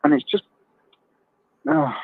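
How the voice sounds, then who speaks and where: A man calling in to a live stream, blunt and quick to laugh. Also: no echo. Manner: blunt, laughs often, swears habitually. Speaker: caller. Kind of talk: casual chat on a phone line. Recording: dry tinny phone line.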